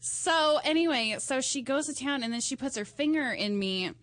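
Animated woman co-host, higher voice. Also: normal speed, heavy background noise. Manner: animated, bursts into laughter. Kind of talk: casual explicit chat. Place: studio.

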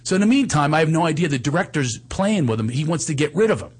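Man, casual comic storytelling, husky, slightly high pitch, animated. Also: quick pace. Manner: animated, laughs through his stories.

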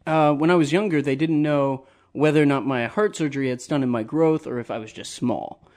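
A man's voice: fairly high pitch, brisk, a little mellow. A man co-hosting a comedy podcast, telling a personal story in casual chat and laughing often. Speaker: podcast co-host.

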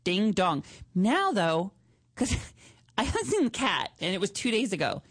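A woman co-hosting a radio show, telling a story in casual chat with lively, animated delivery and squeaky put-on voices. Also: unhurried, slightly rough, no room sound, clean studio sound.

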